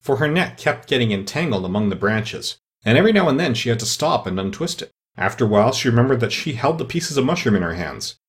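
A man narrating a storybook in a lively, expressive reading voice. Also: mid-range voice, quick pace.

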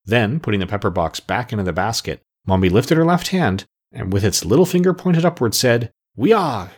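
A man narrating a storybook aloud in an expressive storytelling manner. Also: lowish voice, fairly quick. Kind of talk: audiobook narration.

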